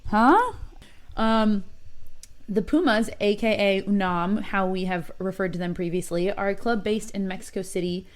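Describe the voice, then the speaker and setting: An enthusiastic woman co-hosts a casual football podcast, rattling through standings with upbeat energy. Her voice has an everyday middle pitch. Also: steady tone, normal speed. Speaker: podcast co-host.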